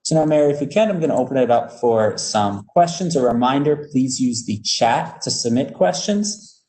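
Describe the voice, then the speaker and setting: Mellow-voiced man moderating a webinar. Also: mid-range voice, lively intonation, moderate pace, poor audio. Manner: affable, reading out questions with fillers.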